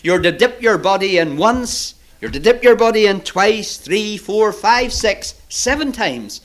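A man's voice: high-pitched, animated, measured pace, fairly bright tone, voice pushed up. A man voicing an earnest male servant who carefully spells out a set of instructions. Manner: emphatic, counting out instructions. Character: earnest male servant delivering a prophet's message.

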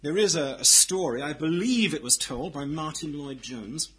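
A man preaching a sermon in a deliberate, emphatic way, swinging from loud declarations to hushed, quiet lines. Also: a little high, slightly rough, low-quality recording.

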